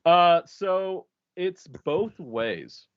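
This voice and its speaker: A man's voice: sits high, lively intonation, extremely slow, clear, resonant tone, no room sound, phone-quality sound. A man from an American region with many Spanish speakers, chatting casually as a podcast guest and rambling with restarts and fillers. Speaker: LARP designer and organizer, podcast guest.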